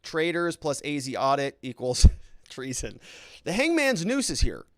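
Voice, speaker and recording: A man's voice: a little high, big pitch swings, a little slow, a bit bright, no room sound, studio quality. A man hosting a live-stream show, reading viewer comments aloud and answering them in a chatty, unscripted way with frequent restarts.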